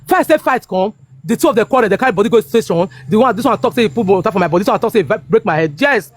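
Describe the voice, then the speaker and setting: This Nigerian woman in her fifties races along at medium pitch with lively intonation and a breathy edge, with no room sound. She argues heatedly in Pidgin-laced English, hammering points over and over and asking "you understand me?"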